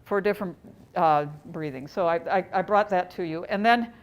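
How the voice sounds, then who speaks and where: A woman's voice: on the low side, moderate pace. A woman presenting a live training workshop to educators, talking in a conversational way and joking with the audience. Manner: conversational, chatty, jokes with the audience.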